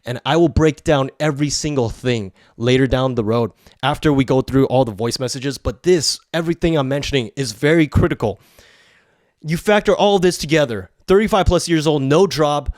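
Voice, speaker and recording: A man's voice: a little high, no room sound, clean studio sound. A man hosting a podcast, telling a story in a blunt, profane, heated rant. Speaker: podcast host. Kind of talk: ranting storytelling.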